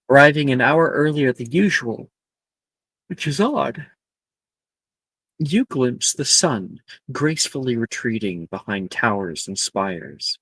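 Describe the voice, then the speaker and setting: A man narrating a tabletop role-playing game as game master, in a measured descriptive way. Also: on the low side, fairly bright tone, no echo.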